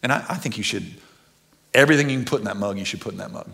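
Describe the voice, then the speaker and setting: A man preaching a sermon as pastor, animated and earnest, swinging from loud excitement to quiet intensity. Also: lowish voice, rapid-fire, gravelly.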